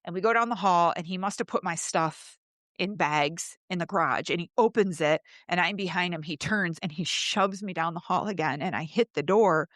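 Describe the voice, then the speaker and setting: A woman's voice: on the low side, normal speed, a bit bright, no room sound, studio quality. A woman hosting a podcast, telling her own story candidly and emotionally, with swearing, and raising her voice when she acts out her past pleas. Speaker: host.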